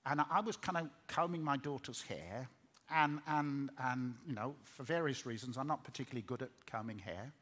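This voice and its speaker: A man's voice: medium pitch, brisk, fairly bright tone. A middle-aged man preaching a sermon in earnest, repeating words as he builds up. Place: large hall.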